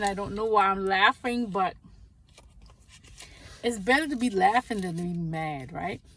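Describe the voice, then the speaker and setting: A woman giving a casual spiritual tarot reading, chatty and quick to laugh, stopping to pray aloud between the cards. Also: medium pitch, fairly bright tone, distant mic, a little hiss or hum.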